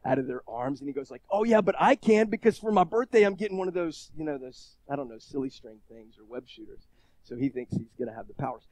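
A man in his thirties preaching a sermon, swinging between loud emphatic scripture reading and quiet, casual storytelling. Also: sits high, no room sound.

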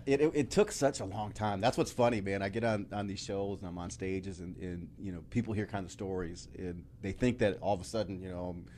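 Middle-aged male guest, low-pitched, lively storyteller who laughs and curses freely. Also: fairly quick, hardly any pauses, a little hiss or hum. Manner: animated, laughing, swears casually. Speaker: podcast guest, entrepreneur. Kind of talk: casual interview storytelling.

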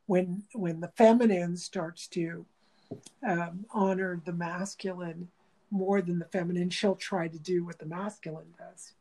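A woman's voice: lowish voice, steady tone, unhurried, mellow. A woman workshop teacher talking in a reflective interview, thoughtful and searching for words, often restarting.

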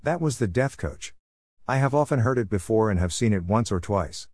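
A man's voice: lowish voice, animated, normal speed, a little mellow, no room sound, studio quality. A man voicing an old superstitious countrywoman who speaks in grave warnings. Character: old Irish-style countrywoman, superstitious and fearful.

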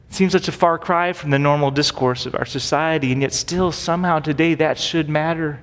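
A man preaching as a pastor, explaining scripture in an easygoing, conversational manner and often tossing in rhetorical questions. His voice sits a little higher than most men's. A long reverb trails after his words, as in a large hall. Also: a little fast, hardly any pauses, fairly bright tone. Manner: casual, asks rhetorical questions with "right?". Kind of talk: conversational Bible teaching.

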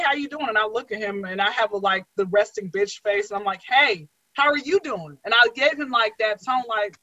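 A woman comedian spins blunt, joking stories in an animated, casual chat. Her voice is bright and sharp, recorded dry and close. The sound is a little dull and lo-fi. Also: fairly high pitch, no room sound. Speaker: comedian guest.

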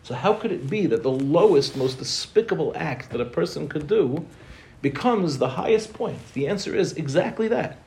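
A young man teaching a Torah class in a quick, joking way, throwing rhetorical questions at his listeners. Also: fairly high pitch, lively intonation, vocal fry, a little mellow.

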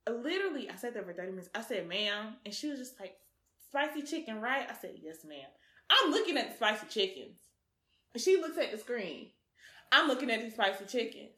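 A woman co-hosting a podcast in casual chat, animated and laughing often. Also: a little high, quick pace, roomy sound. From Nigeria. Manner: animated, laughing, breaks into song. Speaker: podcast co-host.

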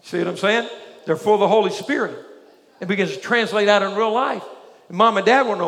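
A man preaches to his congregation in a strikingly high voice, full of energy and forever checking that they're with him. His sermon rings through a large church sanctuary, and every phrase trails off into a long reverb. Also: brisk, vocal fry. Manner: energetic preaching with frequent call-and-response questions. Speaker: pastor.

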